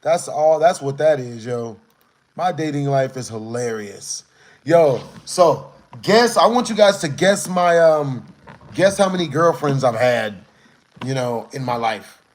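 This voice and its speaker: A man's voice: medium pitch, lively intonation, measured pace, roomy sound, poor audio. A man streaming live, telling a rambling story in casual slang to his chat and repeating "you know what I'm saying".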